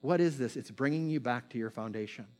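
A man delivering a sermon as a pastor, moving between quick bursts and slow, hushed phrases. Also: mid-range voice, soft background music.

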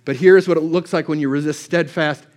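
A man's voice: a little high, fairly even intonation, brisk, darkish tone. A man preaching a sermon, passionate and repetitive, quoting scripture again and again. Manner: impassioned, repeats scripture over and over. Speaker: pastor.

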